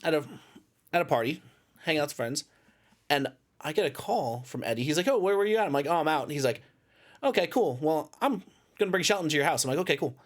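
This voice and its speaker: A man hosting a podcast, telling animated, laughing stories in casual chat. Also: a little high, quick pace, long pauses. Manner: animated storyteller, laughs often. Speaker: podcast host.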